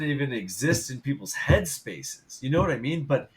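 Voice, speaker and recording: A man's voice: medium pitch, big pitch swings, normal speed, slightly rough. A man hosting a fitness podcast, thinking aloud in a rambling way with many fillers. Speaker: podcast host. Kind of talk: casual podcast interview.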